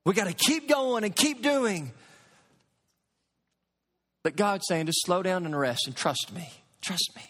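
High-voiced preacher in a reverberant hall. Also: male voice. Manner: animated preaching with sudden drops to quiet. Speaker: pastor. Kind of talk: sermon.

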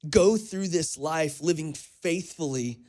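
Male pastor, sermon delivery, fairly high voice, chatty storytelling that stumbles and restarts. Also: slow pace, a little mellow. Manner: conversational storytelling with repeated restarts.

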